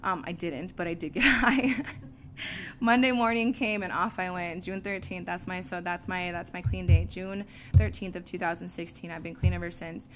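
A woman giving a candid, animated personal testimony to an audience, laughing often and using casual fillers. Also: fairly low pitch, moderate pace, a little hiss or hum. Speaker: speaker sharing a recovery story.

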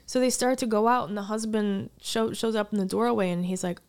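A woman's voice: mid-range voice, brisk, smooth. A woman chatting casually on a podcast, telling a story with lots of "like" and acted-out quotes. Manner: animated storyteller, acts out quoted voices, frequent "like". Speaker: podcast co-host. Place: lives in Hollywood.

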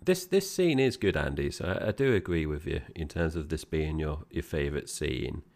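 A man co-hosting a casual film podcast. His voice is very deep and gravelly. He talks in a chatty, friendly way and calls his co-host "mate". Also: lively intonation, normal speed, darkish tone.

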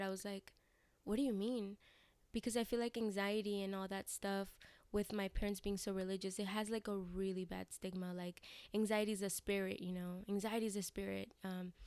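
Young female vlogger, candid confessional ramble, crisp voice, dry close sound. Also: medium pitch, darkish tone, no echo. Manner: rambling, frank, frequent fillers and restarts; swears casually. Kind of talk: candid personal vlog talk.

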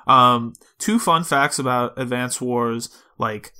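A man co-hosting a podcast in casual chat, talking loosely with fillers and quick laughs. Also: medium pitch, sharp tone. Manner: chatty, laughs easily, lots of fillers. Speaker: podcast co-host.

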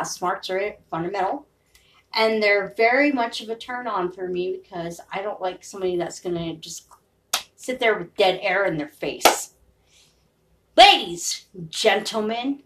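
A woman's voice: a little high, a bit bright, distant mic, poor audio. A woman podcaster in a rambling, profane, confessional monologue.

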